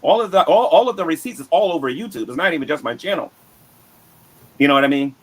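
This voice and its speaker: Boastful man with a lively voice. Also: fairly high pitch, fast talker. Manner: boastful, repetitive, taunting. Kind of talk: boastful rant.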